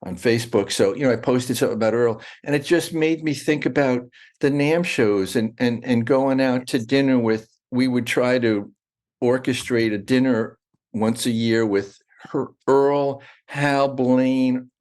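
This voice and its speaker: A man's voice: mid-range voice, steady tone, a little slow, a little mellow. A middle-aged man talking as a guest in a casual interview, rambling and restarting his sentences often. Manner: rambling, with many restarts and fillers.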